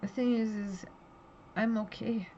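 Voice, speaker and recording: A woman's voice: a little high, fairly even intonation, measured pace, warm tone. Tired, rambling woman on lo-fi audio. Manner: raw, rambling, emotional storytelling. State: tired, drowsy. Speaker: vlogger. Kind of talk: candid personal vlog. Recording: dull lo-fi audio with faint background hiss.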